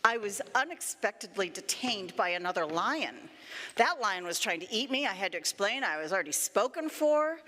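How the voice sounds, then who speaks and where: A woman's voice: very animated, normal speed. A woman voicing a clever, cocky rabbit who talks his way out of trouble, in an echoey church sanctuary. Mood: sly. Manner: sly, coaxing, quieter and lower. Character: clever cocky rabbit, smooth-talking trickster.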